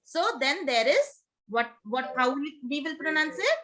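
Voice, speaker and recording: A woman teaching a pronunciation class, her voice high and clear. She drills words for the students to repeat and swings her pitch up and down as she coaxes and checks in. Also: very animated, a little slow, bright, forceful tone. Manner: coaxing, drills repetition, frequent "okay?" checks.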